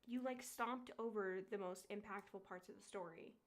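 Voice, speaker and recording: A woman in her twenties chatting casually while playing a game, swearing freely and laughing often, reading game lines aloud quietly. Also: mid-range voice, normal speed, faint music behind. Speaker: streamer.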